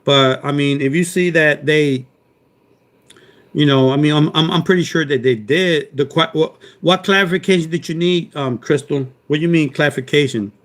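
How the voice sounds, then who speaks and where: A man hosting a live stream, talking loudly and jokily, rambling and calling out chat members by name. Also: fairly high pitch, moderate pace. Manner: loud, joking, rambling, talks to chat by name.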